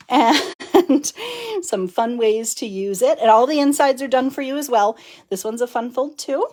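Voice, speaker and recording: A woman with a fairly high voice chats her way through a crafting live stream. She is effusive and laughs often, and she greets her viewers warmly by name. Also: animated, unhurried. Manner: chatty, effusive, laughs often, reads viewer comments aloud. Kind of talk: casual live-stream chat.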